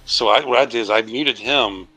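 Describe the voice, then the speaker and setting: Dude rambling on a livestream, bright sharp voice, laughs and swears a lot. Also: male voice, mid-range voice, moderate pace, slightly rough, faint music behind, rough recording. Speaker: video creator and co-host. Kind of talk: casual livestream chat.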